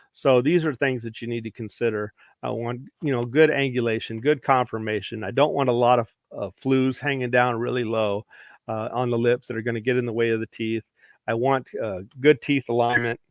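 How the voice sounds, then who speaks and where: A plain-spoken man explains dog training in a matter-of-fact instructional way, driving each point home. His mid-range voice comes through a dull, lo-fi recording with a dry, close sound and no room echo. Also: mid-range voice. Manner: plain-spoken, practical, repeats points for emphasis. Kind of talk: instructional talk.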